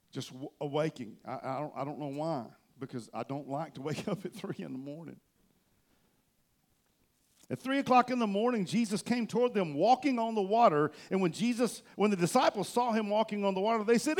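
High-voiced man preaching a sermon. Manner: animated storytelling, swinging between loud and soft. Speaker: pastor. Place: church stage.

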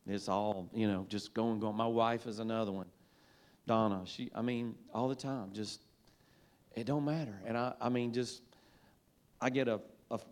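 A male pastor delivering a sermon in a church in a folksy, conversational voice of middle pitch. He talks easily and casually, breaking into call-and-response repetition with his listeners. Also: a little mellow. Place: church sanctuary.

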